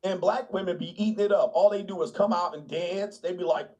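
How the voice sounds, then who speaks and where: A man with a somewhat high-pitched voice, ranting bluntly in casual conversation. His tone is mocking and he laughs often as he talks. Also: expressive, a little fast, hardly any pauses, darkish tone, low-quality recording. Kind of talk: casual comedic rant. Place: small town, gated suburban home.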